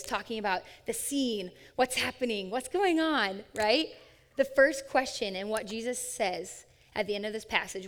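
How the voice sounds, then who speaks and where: A woman with a fairly high voice leads a sermon before a live audience. She is upbeat and playful, coaxing listeners to join in. Her words trail off in the long reverb of a large hall. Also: fairly bright tone. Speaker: young adult ministry speaker. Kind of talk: interactive sermon.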